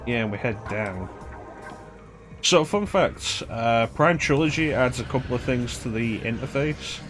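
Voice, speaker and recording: A man's voice: mid-range voice, expressive, a little slow. Guy streaming a game, rambling along, hums little tunes to himself, faint music under. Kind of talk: casual gameplay commentary.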